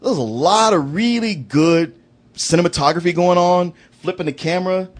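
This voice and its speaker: A man's voice: high voice, normal speed. A man hosting a casual film review chat, talking animatedly and acting out characters' lines in quoted voices. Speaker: film review podcast host.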